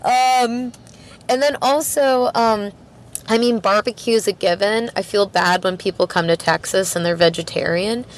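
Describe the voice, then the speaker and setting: A woman's voice: medium pitch, normal speed. A woman from Canada, a podcast guest, talking in a rambling, chatty way with plenty of fillers and laughter. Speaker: podcast guest, record store worker. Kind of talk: casual interview chat.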